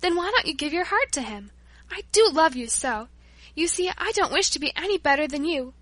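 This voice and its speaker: Brief: a pious storybook girl, bright and high, sweet and earnest, read by a woman. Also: lively intonation, brisk, no echo. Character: devout, gentle, cheerful young girl.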